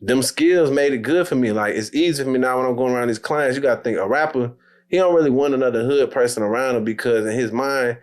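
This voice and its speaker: Ein junger Mann aus Wisconsin, ein Friseur, erzählt locker und offen in einem Interview. Er spricht mit mittlerer Stimmlage und viel Umgangssprache. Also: male voice, medium pitch, fast. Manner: laid-back, candid storytelling with slangy phrasing. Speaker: barber, guest. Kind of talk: casual interview chat.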